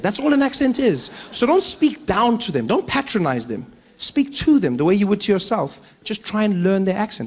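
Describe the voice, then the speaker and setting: Animated man doing stand-up comedy. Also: sits high. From South Africa. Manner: animated storytelling, acting out characters.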